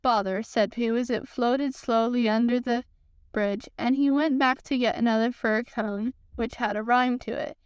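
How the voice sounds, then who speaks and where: A woman hosting a podcast, reading a children's storybook aloud in a calm, measured way. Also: on the high side, smooth, no room sound. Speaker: podcast host, reader.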